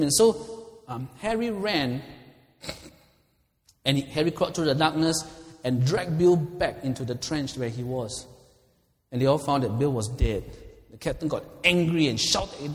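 A man's voice: fairly high pitch, lively intonation, measured pace, long pauses. Impassioned man preaching in a reverberant hall. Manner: impassioned, swings from soft to loud. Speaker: pastor. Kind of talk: sermon. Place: church hall. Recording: long reverb of a large hall.

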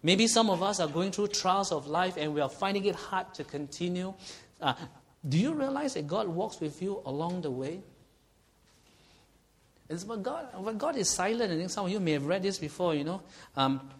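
A man's voice: high voice, lively intonation, moderate pace, breathy edge. A man preaching a sermon, earnest and often checking in with the congregation. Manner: earnest, asks the congregation frequent questions.

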